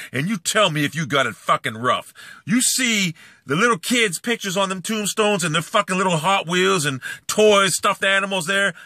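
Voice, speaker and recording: A man ranting angrily in a video blog, swearing and repeating himself as he moves from brooding talk to shouting. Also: a little high, dry recording, studio quality. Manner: profane, repetitive, swings between brooding and shouting. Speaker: YouTuber. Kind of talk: angry rant vlog.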